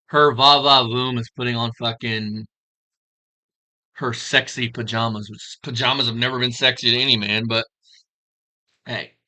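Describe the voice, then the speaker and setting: A man's voice: mid-range voice, fairly even intonation, moderate pace, long pauses, sharp tone. A man giving crude, mocking reaction commentary on a stream, often breaking into laughter. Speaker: stream reviewer.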